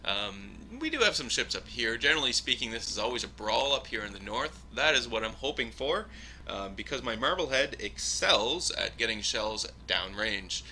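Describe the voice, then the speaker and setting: A man giving casual, rambling live commentary over his own gameplay, chuckling often and filling pauses with ums. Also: mid-range voice, expressive, sharp tone, slight background noise.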